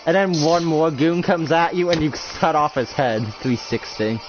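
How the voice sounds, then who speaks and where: Guy rambling through a made-up roleplay story, kinda high voice, muffled with music going. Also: moderate pace, very noisy. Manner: rambling, full of filler. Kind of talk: improvised roleplay narration. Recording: dull lo-fi with music behind.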